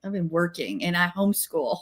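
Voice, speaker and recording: A woman co-hosting a faith-based talk show, chatting in a relaxed, teasing way. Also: fairly low pitch, brisk. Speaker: guest co-host. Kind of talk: casual chat.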